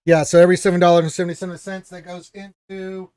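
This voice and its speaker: A man's voice: high voice, flat delivery, fast talker, mellow, clean tone, dry recording, studio quality. A man hosting a casual live stream, greeting viewers and reading chat aloud in a rambling, playful way. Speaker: livestream host.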